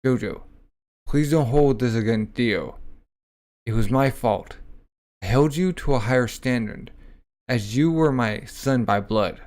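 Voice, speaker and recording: A man reading aloud the lines of a gentle, remorseful, dying elderly noble father from a comic, in a plain, slow delivery. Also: medium pitch, close to an everyday voice. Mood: regretful.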